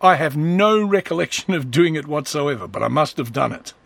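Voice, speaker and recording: A man's voice: on the high side, lively intonation, brisk, vocal fry, a bit bright, no room sound. Rambling sarcastic man. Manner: rambling, sarcastic, slips into voices. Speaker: vlogger. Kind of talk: casual comedic monologue.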